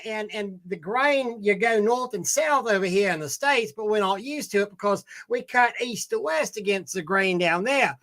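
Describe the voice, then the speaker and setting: A man puts on a brash, crude Australian bloke who rambles and trips over his words. His voice sits high and bright, pushed forward with a tense edge. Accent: put-on Australian. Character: man putting on a rowdy Aussie bloke talking to a waiter.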